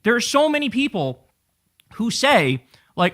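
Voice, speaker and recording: A man in his thirties giving profane, animated reaction commentary as a political commentator on a live stream. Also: very high-pitched, a little slow, pauses often. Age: 30s.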